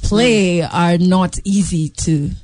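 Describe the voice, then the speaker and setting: A radio host interviewing guests in a studio, agreeing constantly with quick yeahs. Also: mid-range voice, darkish tone, dry recording. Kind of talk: casual interview chat.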